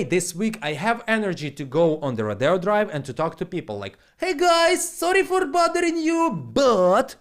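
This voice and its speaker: Blunt, rambling male streamer with a slightly high voice, swears freely and talks in broken English, desk mic at home. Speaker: trading live streamer. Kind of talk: casual live stream monologue. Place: home live stream setup.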